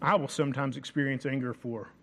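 A man preaching a sermon, reading scripture aloud and slowing down to stress key phrases. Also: mid-range voice, fairly even intonation.

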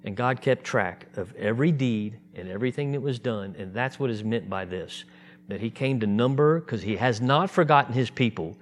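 A man preaching a sermon, animated and acting out the voices of the people in his story. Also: mid-range voice, moderate pace. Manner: animated, acts out voices in quotes.

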